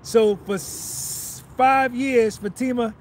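A man's voice: extremely high pitch, steady tone, slow pace, a little hiss or hum. Hyped man livestreaming outdoors. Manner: hyped, boastful, coaching tone. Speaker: livestream host. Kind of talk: casual livestream chat.

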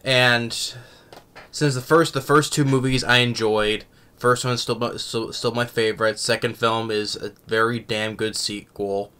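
A man's voice: mid-range voice, steady tone, bright, forceful tone, smooth. A young man giving a casual film review who rambles and halts, restarting his sentences often. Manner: rambling, halting, many restarts and fillers. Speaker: movie reviewer.

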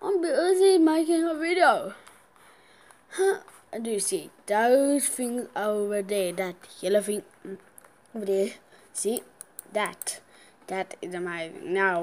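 A woman giving casual gameplay commentary, excitable, gasping and squealing at the game, with playful sing-song chanting. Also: on the high side, a little slow.

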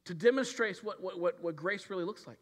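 A man's voice: sits high, brisk. A man preaching a sermon in an earnest manner, with frequent restarts and acted-out quotes. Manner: earnest, repeats words and restarts often, acts out quoted voices. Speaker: pastor.

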